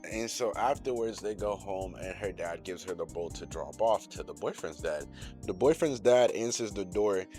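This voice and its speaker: Deep-voiced young man, slangy casual recap. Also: normal speed, mellow, faint music behind. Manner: loose, slangy and profane, heavy on fillers. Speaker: channel host recapping an anime episode.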